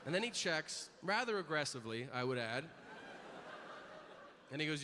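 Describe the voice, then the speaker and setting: A man's voice: on the high side, very animated, normal speed, in a large hall, noisy background. A man in his thirties doing a brash stand-up set on a comedy stage, acting out dialogue as he tells his stories. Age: 30s. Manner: brash storytelling, acts out dialogue.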